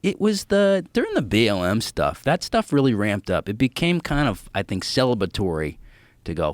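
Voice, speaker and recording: Man, comedian guest, low voice, animated storytelling, profane, dry studio sound. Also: moderate pace, no echo. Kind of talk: casual podcast storytelling.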